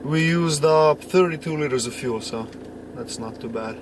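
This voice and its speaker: A man's voice: on the high side, moderate pace, far from the mic. A man chatting casually on a road trip, joking while reading out fuel numbers. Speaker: vlogger. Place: inside a moving car. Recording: car noise, voice from off-mic.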